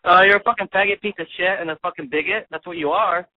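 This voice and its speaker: A man's voice: high-pitched, steady tone, fast, no echo. A man calling into a radio show, angry, cursing and combative. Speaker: caller. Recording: tinny phone line.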